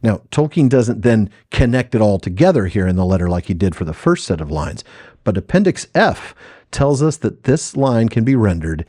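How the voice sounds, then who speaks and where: A male podcast host lays out his explanations with scholarly enthusiasm. His low, mellow voice swings widely in pitch. The sound is dry and close. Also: animated, normal speed, no room sound.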